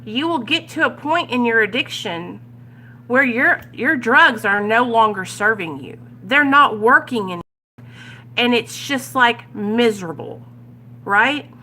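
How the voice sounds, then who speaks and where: A woman's voice: fairly high pitch, expressive, measured pace, bright, forceful tone, slight background noise. A woman leading a casual recovery study group, candid and conversational, often checking in with her listeners. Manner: candid, keeps checking in with "right?". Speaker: recovery vlogger leading a Big Book study. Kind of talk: casual chat.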